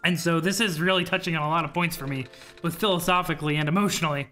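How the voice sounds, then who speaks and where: A let's play creator giving reflective, soft-spoken commentary while playing a video game. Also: mid-range voice, fairly even intonation, fast, soft background music. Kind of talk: emotional gameplay commentary.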